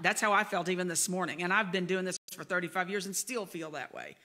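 A woman's voice: lowish voice, fast, bright, forceful tone. A middle-aged woman pastor preaching a sermon, telling her own story in a candid, self-deprecating way. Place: church sanctuary.

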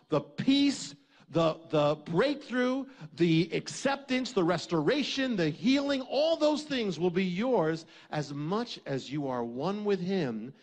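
Man preaching, high-pitched and animated, building emphatic repeated phrases. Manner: emphatic, repetitive preaching cadence. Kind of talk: sermon.

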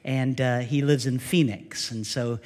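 A man's voice: mid-range voice, steady tone, a little slow, a little mellow. A male pastor preaching a sermon, speaking directly to the congregation and often putting questions to them. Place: church sanctuary. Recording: long reverb of a church sanctuary.

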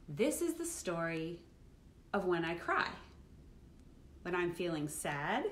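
A middle-aged woman reads a picture book to children, her voice swooping up and down as she plays out each feeling. Her tone is playful and warm with a bright storyteller bounce. Faint noise sits behind her. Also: on the low side, slow, pauses often. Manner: animated and playful, acting out feelings. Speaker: children's musician hosting a livestream. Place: at home, live streaming.

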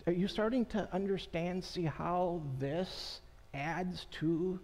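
Slow-preaching man in an echoing church. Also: high-pitched, a little mellow. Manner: conversational, unhurried preaching with pauses and asides to the congregation. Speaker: pastor. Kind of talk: sermon. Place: church sanctuary. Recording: long church reverb.

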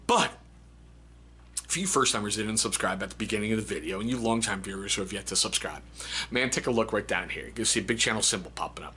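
A man's voice: lowish voice, lively intonation, a little fast, pauses often, bright, forceful tone, slight background noise. A man hosting a casual book review video, reading funny excerpts aloud and laughing often. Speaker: book review channel host.

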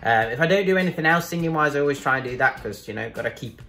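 A man's voice: on the high side, expressive, racing, sharp tone, soft background music. A man chatting casually to camera in a vlog about his day, upbeat and rambling with fillers. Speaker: gaming YouTuber vlogging his day.

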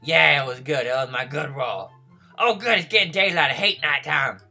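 A man voicing a lonely, needy baby male dinosaur in a game role-play, whiny and begging for friends, breathy and childlike. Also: fairly high pitch, moderate pace, soft background music, full character voice. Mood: playful. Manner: whiny, begging for friends, turning to frantic yelling when chased. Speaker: gaming video host.

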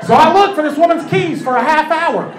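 A man performing a stand-up comedy set on a club stage, telling stories in a quick, conversational way. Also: extremely high pitch, animated. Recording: echoey club with crowd and noise.

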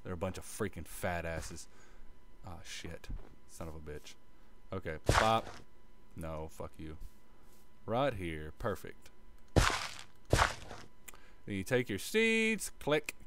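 Over some background noise, a man with a low voice plays through a relaxed game tutorial for his video. He mutters, curses, and hums sound effects such as "bop bop" quietly, keeping things offhand and self-deprecating.

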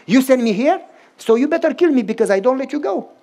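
A man's voice: extremely high pitch, fast. A male pastor, preaching as he tells a story and acts out both sides of the dialogue. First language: Romanian. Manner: acts out dialogue with lively voice swings. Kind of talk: storytelling sermon.

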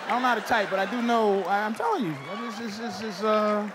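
A middle-aged man doing a stand-up set, loud and teasing as he banters with the audience. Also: sits high, fairly quick. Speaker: stand-up comedian. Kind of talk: stand-up set with crowd work. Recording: live club recording with crowd noise. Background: audience laughter.

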